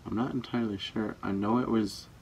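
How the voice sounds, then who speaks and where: A man's voice: fairly low pitch, steady tone, fairly quick, creaky, a little mellow, slight background noise. A young man chatting casually with his girlfriend in a couple's video, with a dry, teasing way of talking. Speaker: boyfriend in a couple's tag video. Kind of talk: casual chat.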